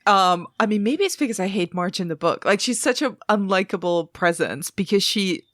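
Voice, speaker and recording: A woman's voice: medium pitch, lively intonation, normal speed, fairly bright tone, no echo, clean studio sound. A woman guest on a podcast, ranting in casual chat, swearing freely and laughing. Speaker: podcast guest, actor and writer.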